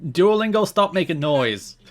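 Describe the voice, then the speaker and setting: A man's voice: high voice, animated, measured pace, faint music behind. An Irish man co-hosting a podcast in casual chat, reading out news notes and adding dry asides. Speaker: podcast co-host.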